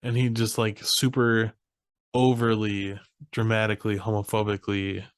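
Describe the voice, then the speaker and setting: A man's voice: lowish voice, flat delivery, normal speed, clean tone, no echo, studio quality. A young man co-hosting a podcast, retelling a movie plot casually and often laughing as he acts out the characters' lines. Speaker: podcast co-host. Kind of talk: casual movie recap chat.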